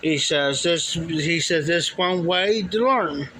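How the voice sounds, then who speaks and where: A man's voice: fairly high pitch, slow pace, pushed and bright, slight background noise, rough recording. A man casually telling a long story, rambling and repeating "he says" and "I said" as he quotes people. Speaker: livestream storyteller. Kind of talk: casual spoken anecdote.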